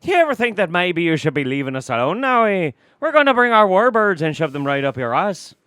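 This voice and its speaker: A man putting on a blustering alien male commander with a comic stage-Irish lilt, loud and high above his normal voice. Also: sing-song, fairly quick, clean tone, no room sound, studio quality. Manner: boisterous, booming mock threats.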